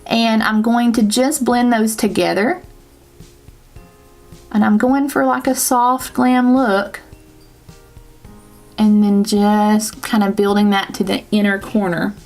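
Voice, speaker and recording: Soft music plays behind a Southern US-accented woman who rambles chattily through a laid-back makeup tutorial, often laughing and correcting herself. She's a beauty vlogger with a steady, medium-pitched, darkish voice, and she speaks slowly with frequent pauses.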